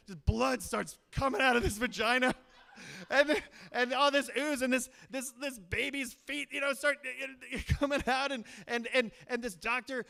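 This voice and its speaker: A young man telling a funny story live on stage, swinging from hushed asides to loud, excited telling. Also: very high voice, creaky. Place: live stage before an audience.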